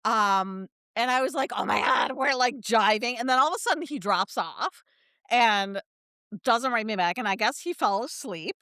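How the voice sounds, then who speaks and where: Podcast co-host, woman, lively storyteller, dry close sound. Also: a little high, moderate pace, dry recording. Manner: animated storyteller, quotes people in put-on voices, laughs often. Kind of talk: casual chat, storytelling.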